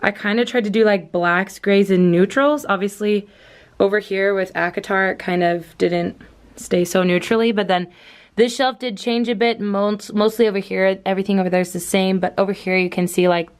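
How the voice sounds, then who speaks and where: A woman's voice: medium pitch, fairly even intonation, normal speed, smooth. Chatty, rambling young woman vlogger. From Southern California. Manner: chatty and rambling, many fillers and light laughs. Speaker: book vlogger. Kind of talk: casual vlog chat. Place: at home indoors.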